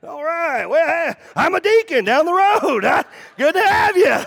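A man voicing an overeager deacon on a golf course who gushes loudly about his faith. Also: very high-pitched, big pitch swings, a little slow, vocal fry, voice pushed up, exaggerated voice. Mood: gushing. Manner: loud, gushing, shouting over himself. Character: overeager gushing male church deacon golfer.

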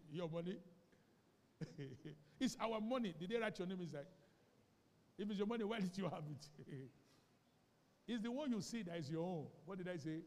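High-voiced Nigerian pastor preaching. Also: male voice, expressive, moderate pace, pauses often, big-room sound. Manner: call-and-response, emphatic repetition. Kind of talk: sermon. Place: church sanctuary.

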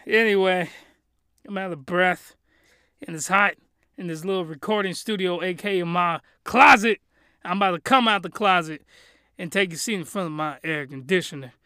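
Male vlog host, high and bright, slangy and hyped, repeats himself for emphasis, close and dry in a closet studio. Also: moderate pace, clear, resonant tone, no room sound. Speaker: host reviewing anime. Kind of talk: casual review rant. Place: small closet home studio.

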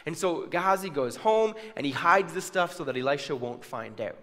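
Preacher with a high-leaning voice in a reverberant hall. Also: male voice, lively intonation, moderate pace, a bit bright. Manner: storytelling with acted-out quotes and asides. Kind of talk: sermon.

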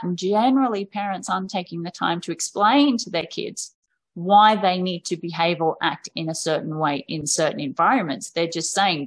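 A woman's voice: lowish voice, normal speed. A woman speaking as a podcast guest in candid, conversational storytelling, frank and casual, often acting out quoted voices of parents and children.

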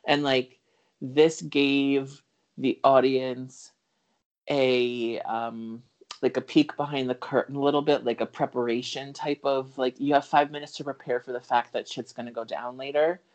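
A man's voice: mid-range voice, flat delivery, a little slow. A man co-hosting a podcast, chatting casually about a film, rambling with many fillers, restarts and the odd swear word. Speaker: podcast co-host. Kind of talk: casual film review chat.

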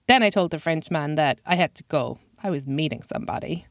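A woman's voice: deep voice, animated, fairly quick, vocal fry, hardly any pauses, dry recording. A woman telling a scripted personal story with dry, self-mocking humor.

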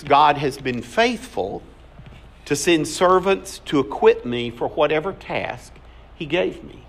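A man's voice: on the high side, fairly bright tone. A male pastor giving a sermon, telling scripture stories and acting out the dialogue. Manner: storytelling, acts out scripture dialogue.

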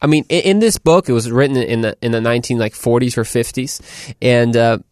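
A man hosting a podcast in casual, rambling chat, animated and full of restarts. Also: medium pitch, a little fast, no echo, clean studio sound. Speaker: podcast host.

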